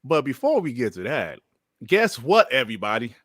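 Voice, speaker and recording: A man's voice: mid-range voice, huge pitch swings, moderate pace, a bit bright, dry recording, studio quality. A man hosting a casual gaming podcast, talking in slang, filling with "you know" and laughing often. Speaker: podcast host.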